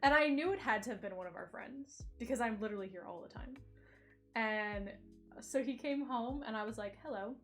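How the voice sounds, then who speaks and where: A woman's voice: on the high side, a little fast, soft background music. A woman streamer chatting casually, telling a story with frequent laughter. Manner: giggly storytelling, laughs often. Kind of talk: casual chat.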